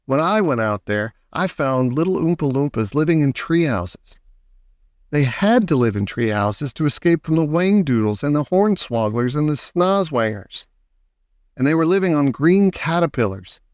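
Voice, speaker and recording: A man voicing an eccentric, excitable male chocolate maker who talks in a gushing, showy way. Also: dry recording, studio quality, natural voice. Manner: gushing, showy, high and bouncy.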